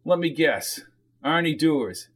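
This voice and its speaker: Man playing a tired coach, dry, slightly high voice, audiobook. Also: lively intonation, a little slow. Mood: weary. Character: weary small-town football coach, man.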